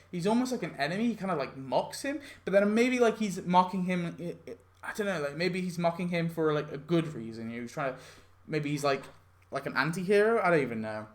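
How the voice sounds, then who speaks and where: A man's voice: sits high, expressive, a little fast. A young man talking casually through a mobile game event idea, rambling with lots of "like" and self-corrections. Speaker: game YouTuber. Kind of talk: casual commentary on a game concept.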